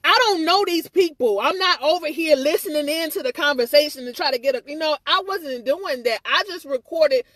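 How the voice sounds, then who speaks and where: A woman's voice: sits high, fairly quick, few pauses, fairly bright tone, no room sound. A woman in a casual live-stream rant, agitated and rambling, repeating herself and swearing, with speech. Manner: swears freely, stammers on restarts. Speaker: livestreamer.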